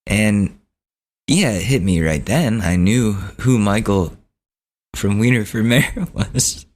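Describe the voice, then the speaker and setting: A man hosting a podcast, telling a story in a relaxed, rambling, casual way. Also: on the low side, slow. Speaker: podcast host.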